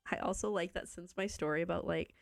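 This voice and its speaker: She's a young Canadian woman on a live stream, playing a game and chatting with viewers in a bubbly, self-mocking way. Her voice runs on the low side and creaky, she talks fast, and there's no room sound.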